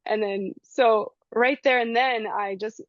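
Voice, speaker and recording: A woman's voice: fairly high pitch, measured pace, no room sound. A woman telling a personal story in casual chat, acting out the voices of the people in it. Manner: animated, acts out voices in the story. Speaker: guest sharing a spiritual experience. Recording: slightly dull lo-fi sound.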